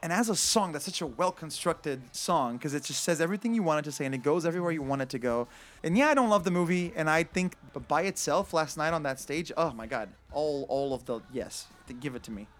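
A man who sings for a living, giving opinionated commentary in casual chat. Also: fairly high pitch. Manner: animated, opinionated, fast-talking. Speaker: professional singer.

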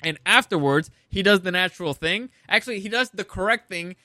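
High-voiced, rambling young man recapping. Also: a little fast, no room sound, studio quality. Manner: rambling, animated, profane, laughs often. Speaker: show recap host. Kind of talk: casual episode recap.

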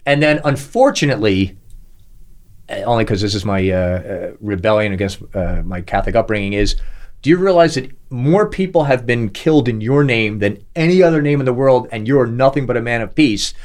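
A man's voice: mid-range voice, expressive, fairly quick, darkish tone. A middle-aged man co-hosting a podcast, chatting casually and acting out the people in his stories. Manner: storytelling, acts out quoted voices. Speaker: podcast co-host. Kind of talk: casual chat.

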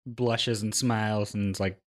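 A man co-hosting a casual movie-review chat, talking fast and acting out scenes in quoted voices. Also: on the low side, steady tone. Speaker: podcast co-host.

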